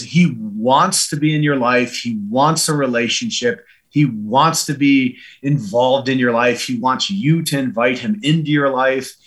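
A man's voice: medium pitch, fairly bright tone. A man being interviewed, a former military advisor, talking in an earnest, reflective way with many "you know" and "like" fillers. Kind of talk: reflective conversational storytelling.

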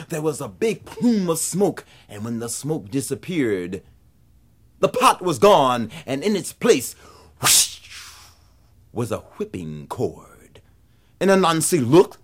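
A man telling a folktale dramatically and animatedly, with loud sound effects and shouted yells. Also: fairly high pitch, very animated, takes it slowly, husky. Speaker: storyteller.

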